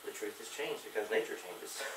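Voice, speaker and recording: A man's voice: on the low side, expressive, moderate pace. A man teaching a church Bible class, with lots of fillers and restarts. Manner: rambling, many fillers and restarts. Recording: echoey room, mic far off, faint hiss.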